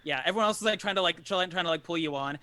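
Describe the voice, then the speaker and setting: Brief: male game master, bright tone, dry close recording, loose rambling narration. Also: fairly high pitch, racing, no echo. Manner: rambling, lots of filler words.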